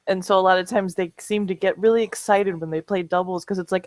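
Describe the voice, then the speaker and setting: Podcast co-host, woman, middle pitch; chatty storyteller who laughs often. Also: fairly even intonation, fast, darkish tone, no echo, poor audio. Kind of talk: casual comedic chat.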